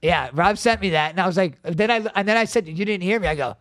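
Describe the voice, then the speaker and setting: A young man, co-hosting a casual family podcast, telling animated stories and swearing freely. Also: high-pitched, quick pace, no room sound, clean studio sound. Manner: animated storyteller, swears freely, acts out quotes. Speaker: podcast co-host.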